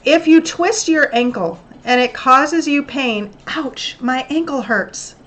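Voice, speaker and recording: Brief: woman host, self-help tips, earnest coaching delivery, somewhat high voice. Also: expressive, unhurried, fairly bright tone. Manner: earnest, coaching tone with acted-out examples. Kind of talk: motivational self-help talk.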